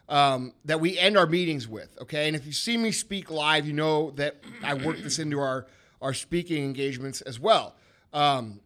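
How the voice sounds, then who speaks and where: A man in his thirties hosts a podcast, telling stories with emphatic, profane energy. His voice is bright and forceful, pitched a little high. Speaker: podcast host. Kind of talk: casual podcast chat.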